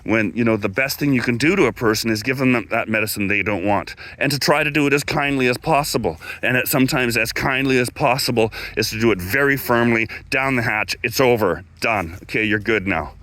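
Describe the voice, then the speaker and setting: A man's voice: a little fast, few pauses, a bit bright, dry recording. Rambling Canadian man, dry close sound. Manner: rambling, digressive, many fillers and restarts; acts out quoted dialogue with raised pitch. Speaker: guest speaker, former electrical instructor. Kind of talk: casual storytelling talk.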